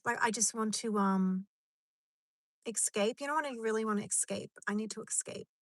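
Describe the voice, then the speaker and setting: A woman's voice: medium pitch, normal speed, no room sound. A woman chatting on a live stream from her car in a rambling, chatty way, answering comments as they come in. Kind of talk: casual live stream chat.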